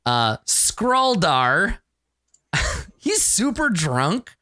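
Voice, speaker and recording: Male game master, animated pitch, dry close mic, chatty and quick to laugh. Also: no room sound. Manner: lively, laughing, filler-heavy narration. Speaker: dungeon master. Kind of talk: narrating a tabletop game.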